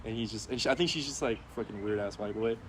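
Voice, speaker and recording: A man's voice: lowish voice, fast, a bit bright, a little hiss or hum. A man hosting a casual podcast chat, rambling, laughing often and acting out what people said. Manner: rambling, laughs a lot, acts out quotes. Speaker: podcast host.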